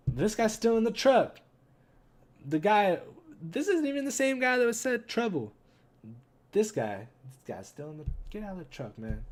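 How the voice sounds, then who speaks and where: A man hosting a gaming channel, reading a comic with viewers in an excitable, chatty way and talking straight to them. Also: on the high side, normal speed, pauses often. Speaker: gaming YouTuber. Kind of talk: casual read-along commentary.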